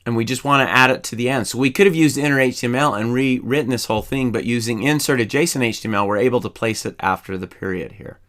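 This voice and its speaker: A male instructor talks through a screen-recorded coding lesson, narrating every step as he goes. His voice has a bright, forward edge and sits at an ordinary middle pitch. He keeps a calm, methodical pace. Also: fast, few pauses. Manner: calm, methodical, explains each step while typing. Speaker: programming instructor.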